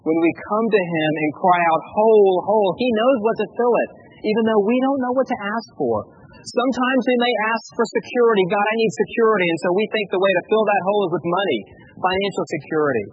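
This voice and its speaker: A man preaching a sermon as pastor, earnest and pleading, dropping to a hush at emotional points. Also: sits high, lively intonation, fast talker, husky, dull audio, faint music behind.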